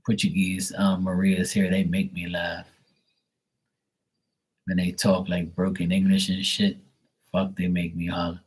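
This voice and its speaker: A man's voice: deep voice, monotone, unhurried, long pauses, husky, rough recording. A man chatting casually with viewers on a live tarot stream, blunt and full of swearing. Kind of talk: casual livestream chat.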